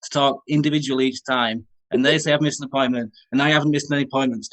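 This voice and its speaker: A man's voice: mid-range voice, steady tone, fast talker, a bit bright, no echo, poor audio. A man comedian doing an exasperated, mock-threatening complaint over a video call. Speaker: comedian on a panel. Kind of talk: comic complaint monologue.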